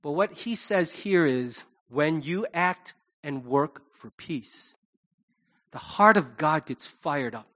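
A middle-aged male pastor delivering a sermon in a fairly high voice. He is animated and lively, slipping into quick voices for the people he quotes.

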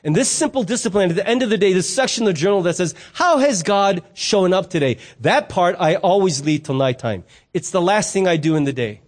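High-voiced man preaching conversationally. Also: expressive, fairly quick, hardly any pauses. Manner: conversational storytelling with playful asides. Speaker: pastor. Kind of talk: sermon.

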